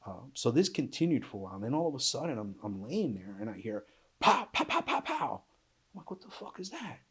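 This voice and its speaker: A man's voice: medium pitch, darkish tone, breathy edge. A middle-aged man, a retired police officer, recounting an ordeal in an interview with vivid, emphatic, plain-spoken storytelling. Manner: vivid, emphatic retelling that acts out quoted speech; plain-spoken, blunt, swears. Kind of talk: emotional first-person storytelling in an interview.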